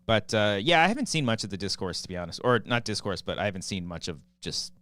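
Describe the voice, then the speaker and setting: A man's voice: lowish voice, very animated, fast, a bit bright, no room sound. A man in his thirties co-hosting a podcast, chatting loosely, joking and swearing freely. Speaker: podcast co-host. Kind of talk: casual chat.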